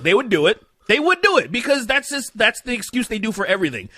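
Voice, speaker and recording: A man's voice: high voice, big pitch swings, fairly quick, few pauses, fairly bright tone. A man co-hosting a podcast, swearing and joking through a crude bit in casual banter. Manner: crude, joking, talks over others. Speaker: podcast co-host.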